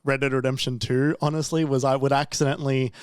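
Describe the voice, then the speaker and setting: A man's voice: medium pitch, little pitch movement, quick pace, clean tone, dry recording, studio quality. A man guesting on a podcast in casual chat, telling rambling, laugh-filled stories with stammers and restarts.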